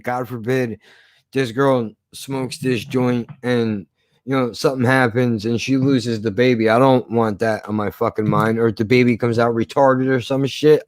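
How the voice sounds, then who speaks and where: Man, casual storytelling, profane, animated, dry recording. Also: mid-range voice, no echo.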